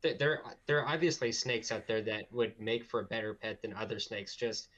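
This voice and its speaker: A man's voice: fairly low pitch, moderate pace, fairly bright tone. A male podcast co-host whose voice comes through dull and lo-fi. He mostly chimes in with short agreeing replies, now and then adding a joking aside. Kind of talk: casual chat.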